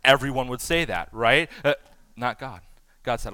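Bright, clear-voiced male pastor preaching. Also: mid-range voice, moderate pace, no echo. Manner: animated, acts out imagined voices. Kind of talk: sermon to first responders.

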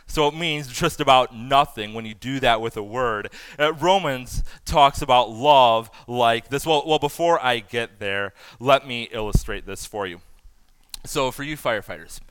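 A man in his thirties preaching a sermon to first responders, animated and acting out imagined voices. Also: mid-range voice, clean tone, no room sound. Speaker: pastor.

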